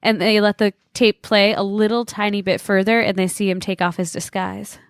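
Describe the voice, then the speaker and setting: A woman's voice: medium pitch, little pitch movement, normal speed, smooth, no room sound, clean studio sound. A woman co-hosting a casual podcast, chatty and wry as she recaps cartoon plots. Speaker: podcast co-host answering trivia.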